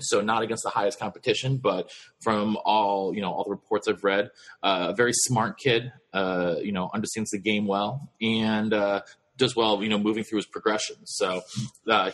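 Low husky-voiced male podcast host. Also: a bit bright. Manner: rambling, halting with many fillers and restarts. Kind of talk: casual sports podcast chat.

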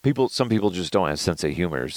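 A man hosting a podcast in casual solo talk, animated and joking, rambling through stories. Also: sits low, fast, no echo. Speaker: podcast host.

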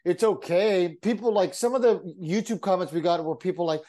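A man co-hosting a podcast in casual banter, an animated, jokey storyteller who laughs often and acts out the voices of people he quotes. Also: sits high, a little fast. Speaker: podcast co-host.

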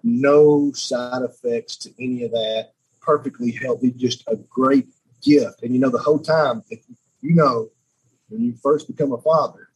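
Husky man telling a heartfelt story. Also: rough recording. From Alabama. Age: 30s. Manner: halting, repeats words, voice drops low and quiet when moved. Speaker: guest. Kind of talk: emotional storytelling.

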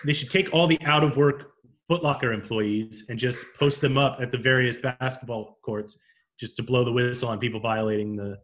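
A man of middle pitch in relaxed conversation on a comedy talk show. He speaks easily, drops dry asides and often agrees with his partner. His tone stays laid-back throughout. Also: normal speed. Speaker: podcast co-host. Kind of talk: casual comedic chat.

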